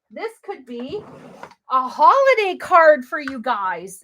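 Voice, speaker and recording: A woman's voice: sits high, sing-song, takes it slowly, fairly bright tone. A woman hosting a live crafting demo, chatty and gushing, talking straight to her viewers as she works. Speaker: crafting livestream host.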